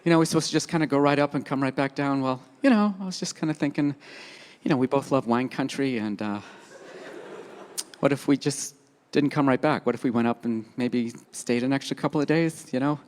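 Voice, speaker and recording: A man doing a hesitant, timid wife who speaks haltingly and full of fillers, performed on a live stage. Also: high voice, a bit bright, voice pushed down. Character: timid wife tiptoeing around her husband. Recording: live stage with long reverb, audience.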